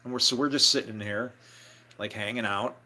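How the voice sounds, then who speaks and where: Rambling man with a bright, tense voice. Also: medium pitch, steady tone, a little fast. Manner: rambling, full of fillers and restarts. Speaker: storyteller, former band member. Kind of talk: casual live storytelling.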